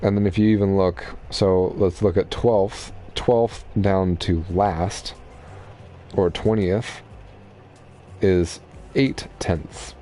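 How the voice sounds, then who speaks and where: A man's voice: deep voice, takes it slowly, a little hiss or hum. A young man giving casual, chatty commentary while streaming a racing game. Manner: relaxed, chatty, explaining racing strategy.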